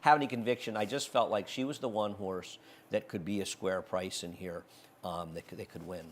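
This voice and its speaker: A man's voice: low voice, steady tone, fairly quick, slight background noise. A man hosting a horse racing betting show, giving blunt, opinionated handicapping in casual chat.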